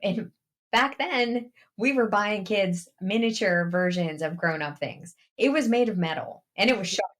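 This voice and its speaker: A woman's voice: mid-range voice, unhurried. A woman co-hosting a podcast tells a childhood story in an easy, chatty way. Her voice sits at an ordinary middle height, and she laughs her way through the funny parts. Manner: animated, laughing anecdote-teller. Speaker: podcast co-host. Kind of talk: casual storytelling chat.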